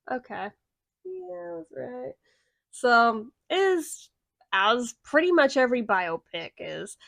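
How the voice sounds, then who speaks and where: A young woman talks through a movie review in a casual, blunt way, with plenty of sarcasm and swearing. Her voice sits a little higher than most, and the recording is dry and close with no room sound. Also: no room sound.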